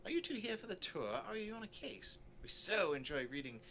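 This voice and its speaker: A man's voice: high-pitched, very animated, a little fast, bright, forceful tone, slight background noise, voice pushed up, full character voice. A man reading aloud as a chatty, genteel older noblewoman on a tour in a game. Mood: gushing. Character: chatty posh older noblewoman, Lady Cheswick.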